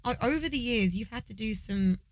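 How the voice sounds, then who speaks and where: A woman's voice: on the high side, expressive, a little fast, no room sound. Chatty woman co-hosting a podcast. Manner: chatty, encouraging. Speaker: podcast co-host. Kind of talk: casual chat.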